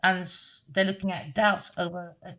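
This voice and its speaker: A woman's voice: on the low side, little pitch movement, moderate pace, bright, forceful tone. A woman giving a heated, repetitive tarot reading rant, cursing and scolding. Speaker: tarot reader.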